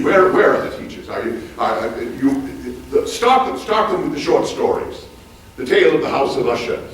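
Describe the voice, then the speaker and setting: An actor playing a hearty, bookish former president on stage, quizzing a live audience in formal, old-fashioned phrasing. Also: male voice, a little high. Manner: animated, quizzes the audience with lively questions. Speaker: historical reenactor on stage. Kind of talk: live one-man stage portrayal. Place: large auditorium stage before a live audience. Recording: very echoey hall, mic far off.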